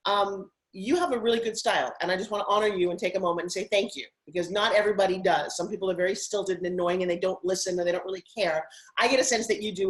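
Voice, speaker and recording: A middle-aged woman from Long Island, talking as an interview guest in an upbeat, animated, persuasive way about her own story. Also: mid-range voice, poor audio. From Long Island, United States. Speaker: guest, TV host and spokesperson. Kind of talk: motivational interview talk.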